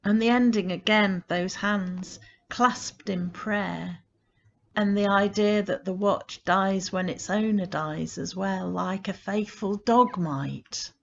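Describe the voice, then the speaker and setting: A woman's voice: medium pitch, fairly even intonation, a little slow, gravelly, hardly any pauses, muffled recording. A woman who directs a poetry collective reads a poem aloud expressively and then talks fondly and enthusiastically about it. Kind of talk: reflective spoken commentary on a poem.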